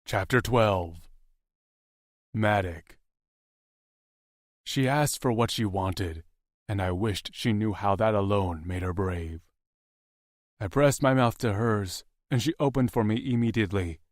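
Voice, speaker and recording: A man narrating a first-person romance audiobook in a low, measured way. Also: dry recording, clean studio sound.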